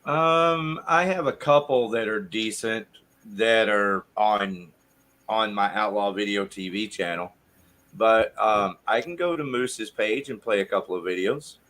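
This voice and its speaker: A man hosting a casual online show, talking in a relaxed, offhand way. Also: on the low side, unhurried. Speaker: show host. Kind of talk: casual chat.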